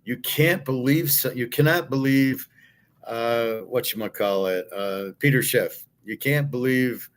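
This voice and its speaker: A man's voice: mid-range voice, unhurried. A middle-aged man hosting a show, ranting in blunt, profane, scornful commentary. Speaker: host.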